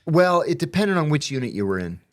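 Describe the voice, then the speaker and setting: A man's voice: on the high side, big pitch swings, brisk. A middle-aged man, a former intelligence officer, talking in a casual conversation with emphatic, wry asides.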